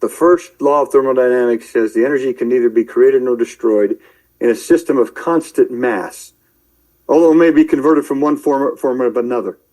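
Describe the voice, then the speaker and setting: A man preaching in a rambling commentary, shouting angry tirades at his listeners and then muttering to himself as he browses his screen. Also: mid-range voice, normal speed, low-quality recording. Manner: addresses listeners directly, calling out believers. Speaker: online preacher.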